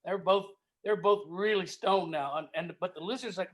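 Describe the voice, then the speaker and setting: Man, folksy storyteller, high voice, laughs a lot. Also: moderate pace. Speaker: tribute artist. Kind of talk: casual joke-telling chat.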